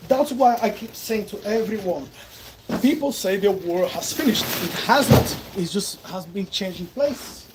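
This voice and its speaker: A man with a Brazilian Portuguese accent speaks his mind in a vlog monologue. He makes his points emphatically, asking questions and then answering them himself. Loud background noise and clicks sit under his voice throughout. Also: high voice, animated, unhurried. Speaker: vlogger. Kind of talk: opinion monologue to camera.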